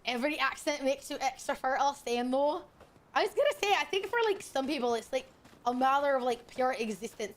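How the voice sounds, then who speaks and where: Crude teasing high-voiced young woman streamer. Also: animated, a little fast. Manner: crude, teasing, bursts into loud laughs. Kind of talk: casual game streaming commentary.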